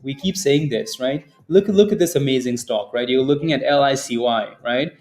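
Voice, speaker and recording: A man's voice: mid-range voice, normal speed, darkish tone, faint music behind. A man hosting a live stock trading stream in casual commentary, rambling, repeating words and tagging lines with "right?". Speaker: stock trading livestream host.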